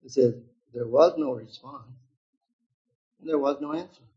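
A man in his seventies preaching a sermon, reading scripture aloud with loud emphatic stretches and quiet, low asides to his listeners. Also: a little slow, breathy edge, lo-fi sound. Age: 70s.

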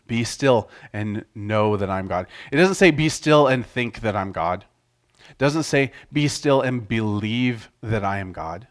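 A middle-aged man preaching a casual sermon in a conversational way, often restarting his sentences and acting out quotes loudly. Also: on the low side, expressive, unhurried.

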